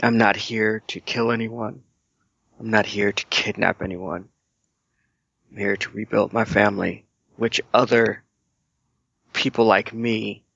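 A gravelly, low-voiced man speaks in character for a tabletop game, slow and measured, with a bright edge to his tone. The audio is dry, dull and lo-fi. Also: dry recording. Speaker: player. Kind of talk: in-character role-play.

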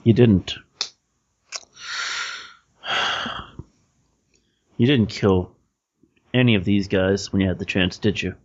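A man's voice: low-pitched, slow, long pauses, dull audio. A man voicing a bitter, proud gang leader who lectures with scorn. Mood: weary.

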